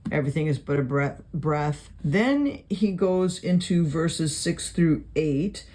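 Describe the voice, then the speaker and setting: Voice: mid-range voice, animated, slow, a little mellow. A Bible study teacher in a casual video lesson, reading verses aloud and explaining them in a conversational way with many fillers while writing notes. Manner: writes notes while talking.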